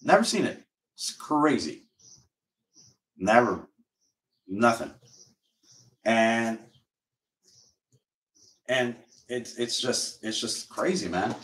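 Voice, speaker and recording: A man's voice: mid-range voice, lively intonation, drawn-out words, pauses often, fairly bright tone. A man streaming live and ranting casually, rambling and swearing, repeating himself as he goes. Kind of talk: casual livestream rant. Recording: roomy echo, far from mic.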